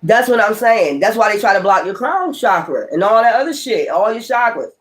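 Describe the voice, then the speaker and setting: A man's voice: sits high, sing-song, a little fast. A man, a tarot reader, talking in a rambling, profane and emphatic way in a casual spiritual vlog monologue.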